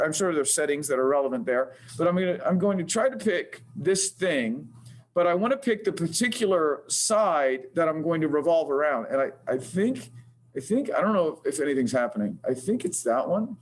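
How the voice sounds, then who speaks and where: A man teaching engineering design software, thinking aloud as he demonstrates, often hesitating and correcting himself. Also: a little high. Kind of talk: screen-recorded software tutorial. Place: classroom with projector. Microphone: computer mic while demonstrating.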